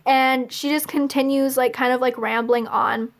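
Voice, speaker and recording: A woman's voice: high voice, steady tone, moderate pace, creaky. A young woman vlogging, telling a personal story in a chatty, confessional way and dropping "like" into nearly every phrase. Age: young adult. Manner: chatty, confessional, laughs between lines. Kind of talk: casual storytelling to camera.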